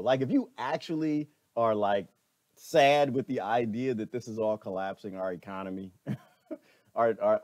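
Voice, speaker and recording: A middle-aged man giving a preachy, animated monologue as a vlogger, laughing often and repeating himself. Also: mid-range voice, dry recording, studio quality. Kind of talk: ranting commentary monologue.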